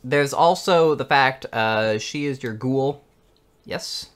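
A man narrating as game master of a tabletop game, unhurried and often laughing. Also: mid-range voice, a bit bright, clean tone.

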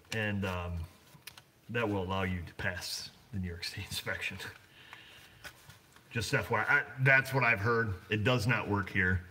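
A man's voice: lowish voice, bright, forceful tone, a little hiss or hum. A blunt man running a repair shop, chatting casually on a livestream and rambling with lots of fillers. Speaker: auto shop owner.

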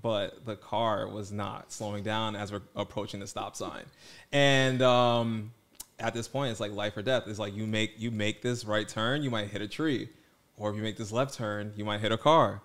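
A young man co-hosting a casual podcast, an animated, playful storyteller who gets defensive when teased. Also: on the low side, normal speed. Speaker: podcast co-host. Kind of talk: casual chat.

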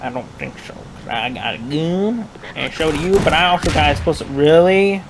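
A man's voice: on the high side, expressive, moderate pace. A man hosting a let's play with jokey gaming commentary and dramatic mock complaints. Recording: game noise loud behind.

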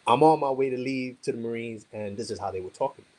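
A police officer talking casually in blunt, profane street slang, rambling with lots of "you know". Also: male voice, medium pitch, fast, warm tone, poor audio. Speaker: police officer, coaching client. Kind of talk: casual conversation on a call.

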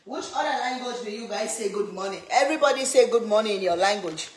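A woman's voice: mid-range voice, animated, quick pace, echoey room. A woman from Leone, hosting a cooking livestream and chatting with viewers, laughing and greeting them by name. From Sierra Leone. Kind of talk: casual live chat with viewers.

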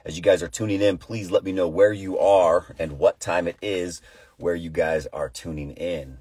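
A man pastoring a live morning devotional from inside a car, chatty and upbeat before turning to hushed, earnest prayer. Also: deep voice, fairly even intonation, normal speed, breathy edge, no room sound, studio quality.

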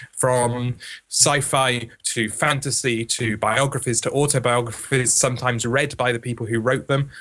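A man's voice: mid-range voice, a bit bright. A man co-hosting a casual podcast, breezy and enthusiastic as he talks up a sponsor. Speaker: co-host. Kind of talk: casual podcast chat, reading an ad.

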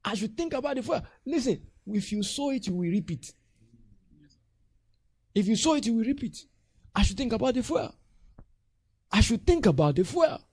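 A man's voice: sits high, moderate pace, pauses often, slightly rough, dry recording. A Nigerian man preaching a sermon as pastor, acting out church members' voices as he talks. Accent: Nigerian English. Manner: animated, acts out church members' voices with laughter.

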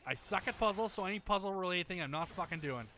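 A man's voice: sits high, expressive, quick pace, pushed and bright. A man commenting on his gameplay, irritated and profane, talking back to the characters. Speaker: gamer streamer.

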